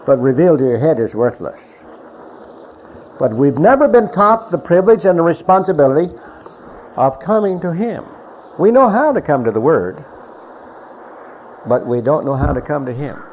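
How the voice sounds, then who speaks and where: A middle-aged man preaching a sermon emphatically, repeating phrases and swinging between loud and quiet. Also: a little high, very animated, normal speed, long pauses. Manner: emphatic, repeats phrases, rises and drops in volume. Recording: dull lo-fi recording with faint hiss.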